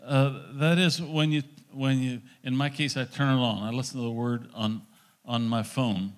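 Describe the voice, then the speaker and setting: A man's voice: mid-range voice, steady tone, normal speed. A middle-aged male pastor giving a conversational sermon, acting out little dialogues as he teaches.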